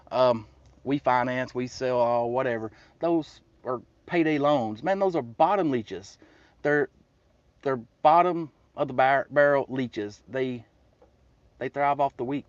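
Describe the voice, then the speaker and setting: A man's voice: medium pitch, dry recording. A man telling a story in a casual, blunt, plainspoken way. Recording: dull, dry sound.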